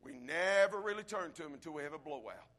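A male preacher delivering a sermon, swinging from hushed tones to shouting build-ups and speaking straight to the congregation. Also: on the high side, expressive, fast talker. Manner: addresses the congregation directly.

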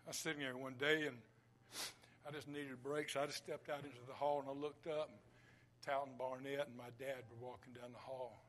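A man preaching a sermon, swinging between loud declarations and hushed whispers. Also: mid-range voice, little pitch movement, fairly quick, a little hiss or hum.

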